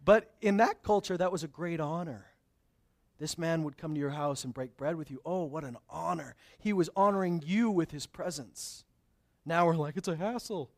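A male pastor with a slightly high voice preaches at a moderate pace. He tells stories casually at first, then builds to emphatic, raised declarations.

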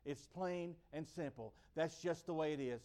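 A high-pitched man from the United States delivers a sermon. He talks emphatically and circles back to the same phrases to drive each point home. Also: moderate pace, warm tone. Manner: emphatic, repeats key phrases. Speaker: preacher.

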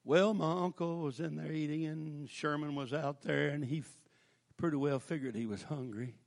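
An older man, preaching a folksy storytelling sermon that breaks into shouted praise. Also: a little high, steady tone, normal speed, vocal fry.

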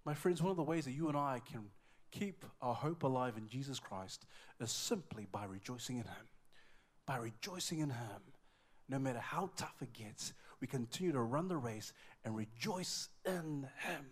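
A middle-aged man from New Zealand preaching a sermon with passion, swinging from loud exclamations to quiet, intimate asides. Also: mid-range voice, lively intonation, normal speed. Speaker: pastor.

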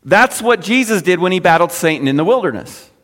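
A man preaching a sermon in a conversational way, his voice dropping low and soft at the ends of phrases. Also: animated, fairly quick, big-room sound. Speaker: pastor.

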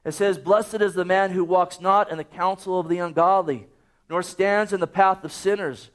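A man's voice: high voice, fairly even intonation, moderate pace. A man preaching a sermon, earnest and urging, often quoting scripture.

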